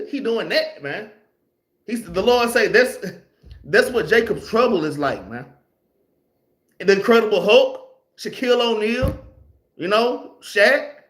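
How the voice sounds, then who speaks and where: High-voiced man teaching scripture. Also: big pitch swings, slow, long pauses, fairly bright tone. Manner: loose, conversational, ends phrases with "man"; reads scripture aloud, then explains it. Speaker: Bible class teacher. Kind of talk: casual scripture class.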